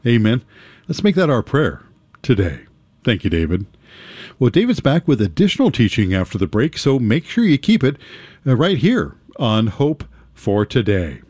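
A man's voice: mid-range voice, very animated, moderate pace, a little mellow, no echo. A man hosting a religious radio program, wrapping up a segment and introducing the next guest. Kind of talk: broadcast program wrap-up.

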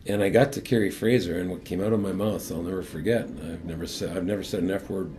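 An older man, a former hockey captain, telling his personal faith story as a guest in an earnest, animated way and then leading a prayer. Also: low-pitched, fast, a little hiss or hum.

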